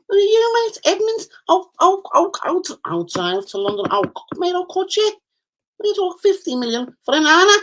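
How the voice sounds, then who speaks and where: A man's voice: extremely high pitch, fairly bright tone, pitched above the performer's own voice. A man voicing a hot-tempered Liverpool hard man in a put-on Scouse accent, who swears and makes threats. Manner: threatening, ranting, heavy swearing.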